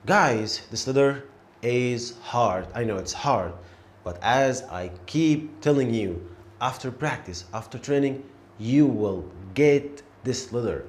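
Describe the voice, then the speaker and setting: Patient male teacher, slow and clear, mid pitch. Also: lively intonation. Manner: encouraging, repeats each letter slowly and clearly. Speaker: Arabic teacher. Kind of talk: beginner pronunciation lesson.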